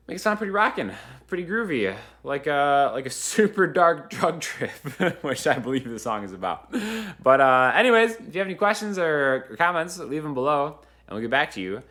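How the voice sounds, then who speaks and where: A man's voice: a little high, a bit bright. A man teaching a guitar lesson in a casual, chatty way, counting beats aloud as he strums. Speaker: guitar instructor. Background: acoustic guitar playing.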